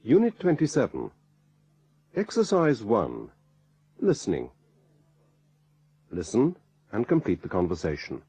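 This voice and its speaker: A man with a husky voice announcing units and exercises as a course narrator. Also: on the low side, huge pitch swings, warm tone. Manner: measured, announcing. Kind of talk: scripted instructions.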